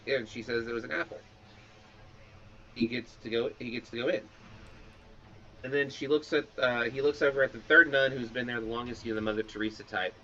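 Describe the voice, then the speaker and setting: A man's voice: mid-range voice, fairly even intonation, fairly quick, fairly bright tone. A man works his way through a long joke, tripping and restarting as he goes. His mic sounds muffled and lo-fi. A faint hiss sits under his voice. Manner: rambling joke-teller with restarts. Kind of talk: casual banter while gaming. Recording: dull lo-fi mic with faint noise.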